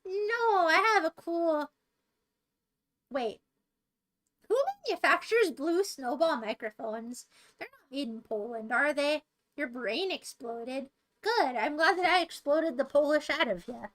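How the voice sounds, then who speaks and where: A woman's voice: high voice, animated, unhurried, fairly bright tone, slight background noise. A young American woman streaming, chatting casually and playfully taunting her chat with mock boasts. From United States. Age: young adult.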